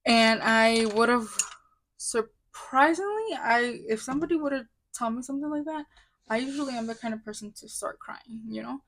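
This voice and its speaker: A woman's voice: on the high side, moderate pace, a bit bright. Upset young woman venting a story. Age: 20s. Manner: upset, venting, many likes and restarts. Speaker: vlogger. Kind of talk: casual storytime vlog.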